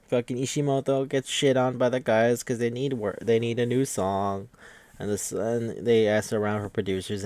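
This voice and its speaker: A man hosting a podcast, recapping an anime episode in an animated, profane, incredulous chat. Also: on the low side, no room sound.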